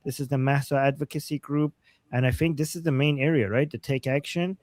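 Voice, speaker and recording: A man's voice: medium pitch, fairly even intonation, brisk, a little mellow, no room sound. A man hosting a live online news stream, talking casually with many fillers and restarts. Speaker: host.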